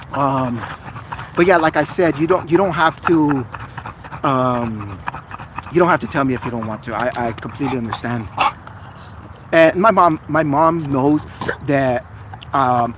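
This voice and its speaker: A man's voice: on the high side, noisy background. A man in a casual livestream chat with viewers, chatty, earnest and apologetic. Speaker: vlogger.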